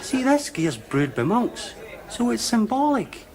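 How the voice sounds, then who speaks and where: A man's voice: high voice, big pitch swings, measured pace, darkish tone, exaggerated voice. A wry, smug Scottish barman. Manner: wry, mock-reasonable. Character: smug, sarcastic male barman. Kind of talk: sitcom acting.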